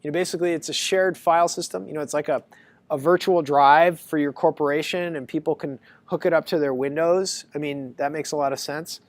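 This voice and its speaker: A man giving a casual university lecture, talking to students in a chatty, animated storytelling way. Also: on the high side, a little fast, no echo.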